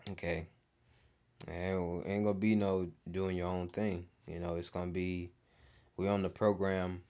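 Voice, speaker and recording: Low-voiced man preaching casually. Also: a little mellow. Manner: casual, peppered with "man" and "you know". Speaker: street preacher. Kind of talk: informal preaching.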